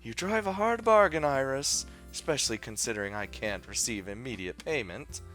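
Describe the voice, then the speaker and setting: A composed, teasing teenage girl in a visual novel, speaking softly and dryly, as a man voices her. Her pitch moves in a lively way and the tone is bright, over faint music. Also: moderate pace, close to an everyday voice. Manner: soft, dry, teasing.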